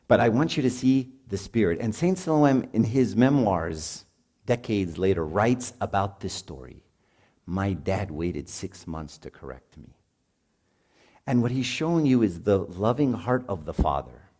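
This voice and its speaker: A middle-aged man preaching at a marriage retreat in a conversational, animated way, acting out quotes from home life. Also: fairly low pitch, moderate pace. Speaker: priest.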